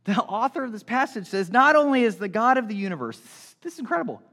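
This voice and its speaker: Lively, high-voiced man preaching. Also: quick pace. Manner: animated, conversational preaching with acted-out asides. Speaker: pastor. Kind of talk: sermon.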